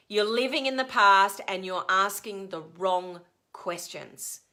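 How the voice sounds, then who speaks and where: A woman giving a live motivational coaching talk to her viewers, energetic and emphatic, acting out the complaints she quotes. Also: medium pitch, takes it slowly, few pauses. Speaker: life coach.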